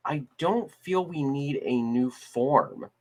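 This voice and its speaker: A man's voice: medium pitch, takes it slowly. A man co-hosting a casual discussion podcast, talking in a rambling way with many restarts and fillers. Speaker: podcast co-host. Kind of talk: casual chat.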